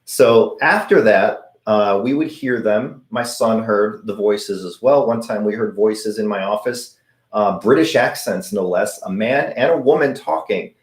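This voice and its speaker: Chatty low-voiced man, echoey room. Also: unhurried. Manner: chatty, anecdotal, acts out quoted voices. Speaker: host of a paranormal channel answering viewer questions. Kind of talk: live Q&A, casual storytelling.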